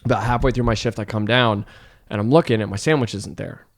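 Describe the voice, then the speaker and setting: A man's voice: lowish voice, fast talker. A man in his thirties, a comedian guest, telling a story in casual chat, rambling and self-deprecating, filling his talk with "like". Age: 30s.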